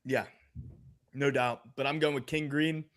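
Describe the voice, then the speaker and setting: A man's voice: medium pitch, fairly even intonation, a little slow, a bit bright. A man co-hosting a casual fight-picks podcast, laid-back and joking, laughing often as he talks. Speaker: podcast co-host.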